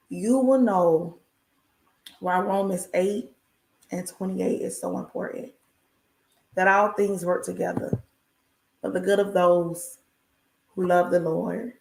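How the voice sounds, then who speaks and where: A woman's voice: lowish voice, creaky, darkish tone. Woman, faith talk on a livestream, emphatic, repetitive preacher cadence, folksy, echoey room. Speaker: inspirational speaker.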